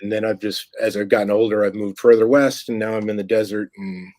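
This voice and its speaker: A man's voice: lowish voice, steady tone, fast, darkish tone, no room sound. A middle-aged man, a filmmaker guest, talking casually in a rambling way with many restarts. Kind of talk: casual interview chat.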